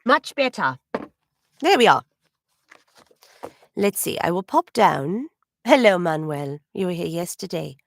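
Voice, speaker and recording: In a dry recording, a woman with a lowish voice chats with her livestream audience while she draws during a signing. She's a voice actor, very animated yet unhurried, pausing often, speaking somewhat formally, laughing lightly and clearing her throat a lot.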